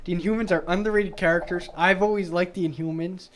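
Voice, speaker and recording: Excitable high-voiced man, casual chat. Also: fast, a little hiss or hum. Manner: excitable, laughs often. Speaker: podcast co-host. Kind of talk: casual movie review chat.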